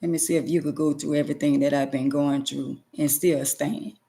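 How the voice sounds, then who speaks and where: A woman's voice: low voice, level tone, fairly quick, creaky, mellow. A middle-aged woman vlogger giving an emotional personal testimony to her viewers, emphatic and preachy, repeating phrases for stress.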